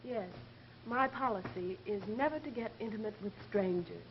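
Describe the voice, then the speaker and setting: A woman's voice: mid-range voice, moderate pace, natural voice. An actress playing a level-headed female private nurse from England, dry and deflecting in manner. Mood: cool. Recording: 1930s film soundtrack, dull and hissy.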